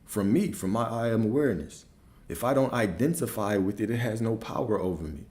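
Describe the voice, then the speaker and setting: A man's voice: on the low side, fairly quick, a little mellow. A man giving a motivational talk as a spiritual coach, emphatic and repeating affirmations with growing force.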